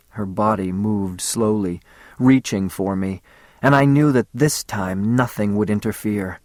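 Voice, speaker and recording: A man narrating a story in the first person, in a measured, intimate audiobook reading. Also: lowish voice, a little mellow, no room sound, studio quality.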